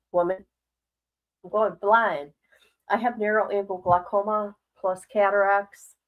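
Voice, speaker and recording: A woman's voice: mid-range voice, poor audio. An older woman streamer chatting casually and candidly, rambling, swearing freely, and worried while laughing her troubles off. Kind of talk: casual livestream chat.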